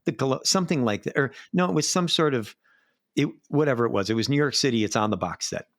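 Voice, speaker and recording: A middle-aged man, a live sound engineer, telling animated backstage stories in a casual interview. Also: medium pitch, fast, no room sound, studio quality. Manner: animated anecdotes, acts out quoted voices.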